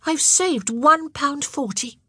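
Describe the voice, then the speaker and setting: A woman's voice: sits high, takes it slowly, pushed and bright, no echo, studio quality, voice pushed up, exaggerated voice. A woman doing an earnest little boy. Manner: earnest, solemn.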